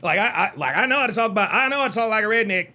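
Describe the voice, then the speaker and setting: A man's voice: high-pitched, expressive, rapid-fire, sharp tone. A man hosting a live call-in stream, combative and mocking, often repeating himself as he reacts to clips and chat. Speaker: live call-in show host. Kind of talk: heated live-stream commentary.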